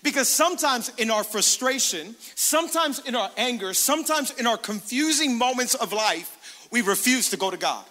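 An energetic male pastor preaches to his congregation, calling out and acting out prayers in his own voice. His voice sits high and sounds sharp and bright. The sound carries a long reverb from a large church hall. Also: moderate pace. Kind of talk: sermon. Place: church sanctuary.

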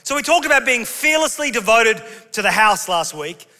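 A man's voice: extremely high pitch, sing-song, moderate pace, sharp tone. A male pastor preaching a sermon to his congregation with humorous storytelling. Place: large church auditorium. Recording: long hall reverb.

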